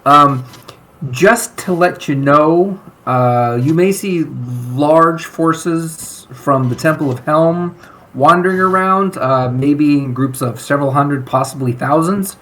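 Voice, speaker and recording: A man playing a small male high priest who floats on a book and speaks in a formal, wordy way. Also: slow pace, fairly bright tone. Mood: helpful. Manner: formal and wordy, fond of fancy words.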